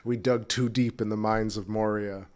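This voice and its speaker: Man, low voice, casual livestream host, rambling chat, back porch. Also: steady tone, normal speed, a little mellow. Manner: rambling, chatty, some restarts, chewing while talking. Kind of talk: casual live-stream chat. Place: back porch at home, outdoors.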